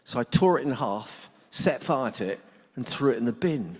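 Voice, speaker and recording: In a conference hall full of long reverb, a middle-aged man addresses a workshop audience with a humorous talk. His mid-range voice has lively intonation and a breathy edge, moving at normal speed as he spins blunt, joking stories.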